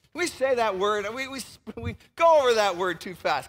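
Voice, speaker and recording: High-voiced animated male pastor preaching. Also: normal speed, hardly any pauses, long reverb tail. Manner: animated, emphatic, swings between loud and hushed. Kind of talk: sermon.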